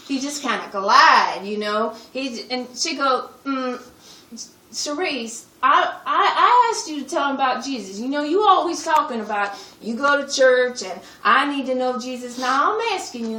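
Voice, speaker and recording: A woman's voice: sits high, bright, forceful tone. A woman performing a sassy churchgoing young woman in a live comedy skit, telling her story with exaggerated street slang. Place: retreat meeting room. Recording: echoey room, mic from a distance.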